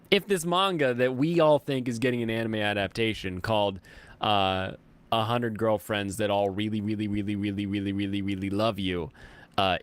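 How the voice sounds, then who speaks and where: A streamer reads through his chat on a casual livestream, rambling animatedly between comments. Frequent laughter punctuates his talk, and excitement sends his voice leaping upward.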